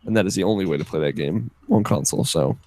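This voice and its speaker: A man co-hosting a casual podcast chat, talking in a relaxed, rambling way with plenty of fillers. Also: low-pitched, quick pace, no echo. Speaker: podcast co-host.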